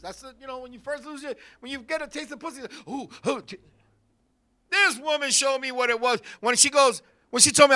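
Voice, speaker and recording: A man telling a crude comic story, animated and profane, jumping between loud bursts and quiet asides. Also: extremely high pitch, brisk. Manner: profane, repeatedly addresses a listener by name.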